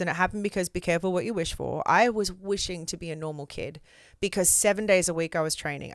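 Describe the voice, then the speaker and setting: Australian woman, smooth candid storyteller. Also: low-pitched, dry recording, studio quality. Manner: expressive, candid storyteller with casual fillers. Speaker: guest. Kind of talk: casual interview chat.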